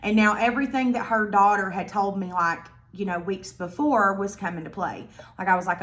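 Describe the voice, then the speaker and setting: A woman's voice: medium pitch, lively intonation, moderate pace, a bit bright. Blunt, profane woman storyteller. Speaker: vlogger. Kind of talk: storytime vlog.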